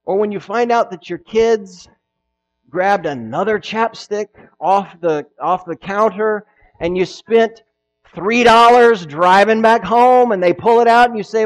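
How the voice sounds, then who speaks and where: Pastor guy preaching, goes loud then real quiet, does little voices, kinda high pitched. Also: normal speed, poor audio. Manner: animated, acts out quoted voices, swings between loud and hushed. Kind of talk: sermon.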